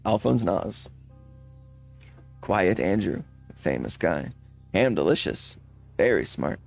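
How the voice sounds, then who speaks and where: A man's voice: sits low, big pitch swings, takes it slowly, gravelly, exaggerated voice. A man voicing an odd, scheming male leather hunter with a British accent, drawling folksy lines and calling people mate over faint game music. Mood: rambling.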